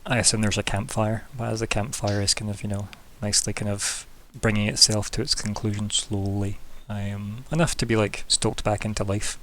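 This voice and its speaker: A man's voice: on the low side, level tone, normal speed, hardly any pauses, fairly bright tone. A man narrating a tabletop game as game master over voice chat, talking loosely with many fillers. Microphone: computer mic, voice chat.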